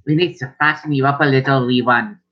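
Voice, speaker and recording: A man's voice: mid-range voice, fairly even intonation, a little fast, lightly acted. A man voicing a motherly female dwarf housekeeper who fusses over her guests. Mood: doting. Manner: fussing, doting. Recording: dull lo-fi recording.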